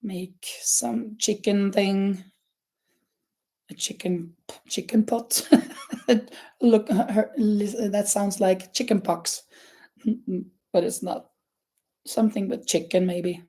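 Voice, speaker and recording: A woman's voice: medium pitch, fairly even intonation, slow pace, long pauses, mellow, breathy edge. A woman hosting a crochet livestream, chatting casually with viewers, with many fillers and restarts and frequent laughs. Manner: laughs often.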